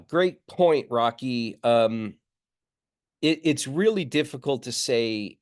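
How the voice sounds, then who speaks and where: A man teaches a seminary class over a video call. He talks through his points in a measured way, often pausing with fillers and restarting phrases. His voice comes through a computer microphone. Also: mid-range voice. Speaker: seminary lecturer. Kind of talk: online lecture. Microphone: computer mic on a video call.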